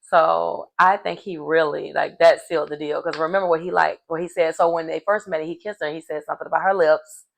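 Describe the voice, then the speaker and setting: A woman giving a sassy, animated casual recap of a reality show, calling her listeners "baby" and "honey" and laughing as she goes. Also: low-pitched, brisk, creaky, hardly any pauses. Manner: sassy, animated storytelling with terms of endearment; laughs mid-sentence.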